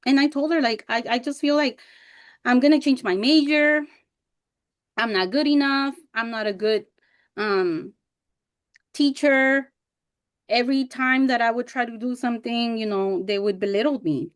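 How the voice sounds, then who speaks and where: Candid higher-voiced woman leading a teacher workshop. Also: moderate pace, pauses often. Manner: candid and expressive, acts out past remarks in animated voices; emotional when recalling hard times. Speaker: workshop presenter and professor. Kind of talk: personal storytelling in a teacher workshop.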